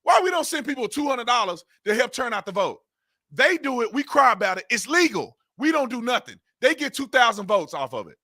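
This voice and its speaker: Man, high voice, bright and tense, lively swings in pitch, exasperated rant, repeated rhetorical questions. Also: a little fast. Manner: exasperated, repetitive rhetorical questions, informal grammar. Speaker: political commentary channel host. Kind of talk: ranting political commentary.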